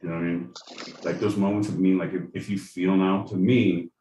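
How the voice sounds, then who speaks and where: A man's voice: sits low, flat delivery, brisk, warm tone, roomy sound, distant mic, a little hiss or hum, rough recording. A man co-hosting a podcast, chatting casually in a rambling way, swearing freely and leaning on fillers. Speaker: podcast co-host. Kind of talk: casual chat.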